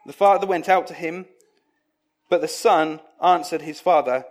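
A man's voice: fairly high pitch, moderate pace. A man preaching a sermon in a conversational, emphatic way, acting out quoted voices.

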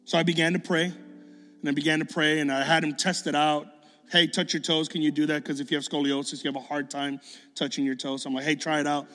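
Animated male preacher in an echoing hall. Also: a little high, quick pace, faint music behind. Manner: animated, acts out dialogue, builds to excited bursts. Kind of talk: sermon storytelling.

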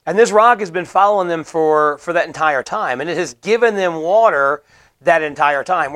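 A man delivers a sermon with earnest conviction, his voice sitting somewhat high for a man. He explains scripture plainly and drives points home by repeating them. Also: fairly bright tone. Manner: earnest, explanatory preaching with emphatic repetition. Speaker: preacher.

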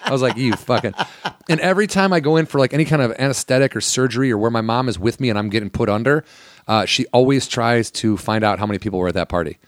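A man tells quick, profane party stories in a loose podcast chat. He talks fast at a middle pitch, and his voice sounds dry and close to the mic. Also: dry recording. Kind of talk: casual storytelling chat.

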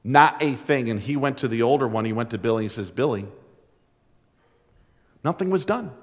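A man's voice: medium pitch, fast, long reverb tail. A man preaching a sermon in a direct, earnest, conversational way. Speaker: pastor.

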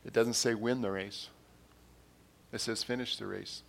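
A man preaching a sermon in an earnest way, repeating his phrases and growing louder when he reads quotes and scripture. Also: lowish voice, fairly even intonation, measured pace, gravelly.

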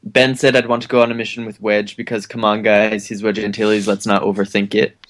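Man, podcast co-host, low-pitched, easily amused, casual. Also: level tone, a little fast. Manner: laughs often, amused. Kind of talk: reading listener answers in casual chat.

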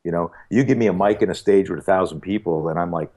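A man's voice: deep voice, fast talker. A man in his sixties, a fear-management speaker, telling stories in a casual podcast conversation, acting out dialogue with frequent restarts. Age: 60s. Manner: animated storyteller who acts out dialogue with frequent restarts.

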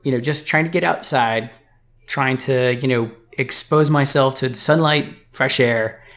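A man co-hosting a podcast in casual chat, speaking in a measured, thoughtful way. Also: mid-range voice, a bit bright. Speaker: podcast co-host.

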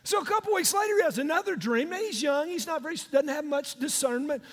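Very high-voiced, lively preacher. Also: male voice, quick pace. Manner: animated, joking, slangy storytelling with voices. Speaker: pastor. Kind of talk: sermon retelling a story. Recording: long hall reverb.

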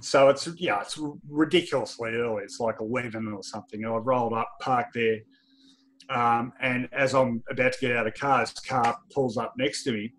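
A man's voice: mid-range voice, slight background noise. Australian male guest, chatty storyteller, frequent laughs. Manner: lively anecdotal storytelling, laughs often. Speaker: guest, football journalist. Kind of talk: casual podcast chat.

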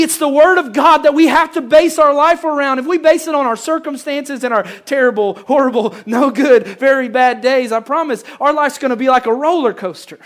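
A pastor preaching a sermon, swinging between loud emphasis and hushed lines and repeating phrases for effect. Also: high-pitched.

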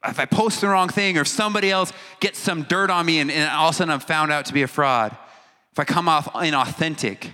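A man's voice: a little high, fast, pushed and bright. A man giving a casual, joking talk to a teen audience, acting out reactions and stumbling over long words. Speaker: youth speaker. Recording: hall reverb.

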